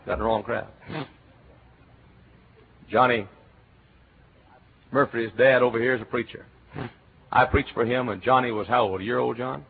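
A middle-aged man from Texas with a Texan accent, preaching a sermon as a pastor, telling stories and breaking into shouts. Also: medium pitch, normal speed, gravelly, long pauses, husky. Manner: animated storytelling, bursts into shouts and chants. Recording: tinny phone-like recording.

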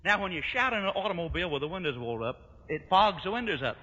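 A pastor preaches with a bright, lively voice that swoops up and down as he tells his story. The hall gives long echoes, and the recording is dull and lo-fi, with a faint hiss underneath. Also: high voice, quick pace. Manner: animated, folksy storyteller. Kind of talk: sermon storytelling.

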